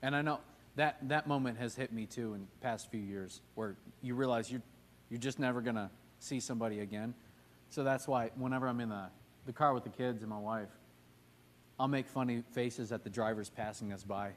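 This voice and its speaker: In a church classroom, a man with a mid-range voice speaks fairly quickly as he leads a casual Sunday Bible class. He jokes, talks with the room, and puts questions to the class.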